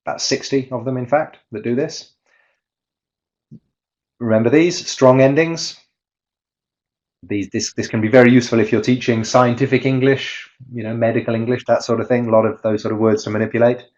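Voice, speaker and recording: Male teacher trainer, mid-pitched, explanatory webinar delivery; dull, lo-fi online sound. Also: fairly even intonation, a little fast, pauses often, darkish tone. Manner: explanatory, demonstrates rhythm by chanting. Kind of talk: webinar presentation.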